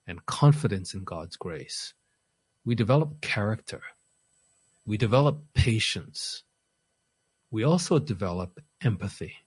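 A man preaching an expository sermon, animated, often repeating words as he starts a phrase and speaking the apostle's words in the first person. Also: on the low side, husky, dry recording.

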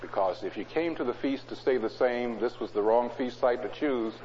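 A preacher giving a sermon in a church. He reads scripture loudly and drops to low, conversational asides. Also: moderate pace, background noise. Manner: swings between loud scripture reading and low conversational asides. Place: church hall. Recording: dull, echoey hall recording.

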